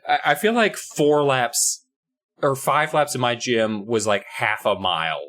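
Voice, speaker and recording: A man's voice: mid-range voice, measured pace, fairly bright tone. A man co-hosting a podcast, chatting casually and asking follow-up questions. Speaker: podcast co-host. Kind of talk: casual chat.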